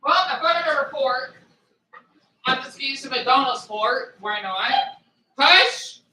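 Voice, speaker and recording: A young man livestreaming, rambling casually to his chat, scolding commenters and hushing his dogs. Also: very high voice, lively intonation, moderate pace.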